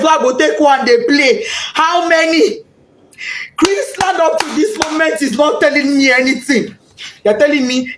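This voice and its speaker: Impassioned Nigerian woman, high, lively voice. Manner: impassioned, pleading, repeats herself. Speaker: grieving mother. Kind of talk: emotional interview testimony.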